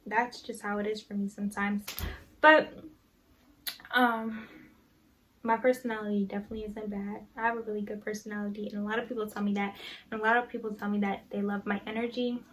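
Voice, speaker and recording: A woman's voice: medium pitch, low-quality recording. A teenage girl talking casually to her viewers in a chatty, self-assured way. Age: teens. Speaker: vlogger. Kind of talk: casual vlog talk to camera.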